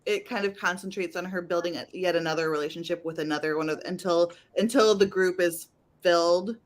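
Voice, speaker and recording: Lower-voiced chatty woman in a book chat. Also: fairly even intonation, fairly quick. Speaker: book club member. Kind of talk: casual group video chat.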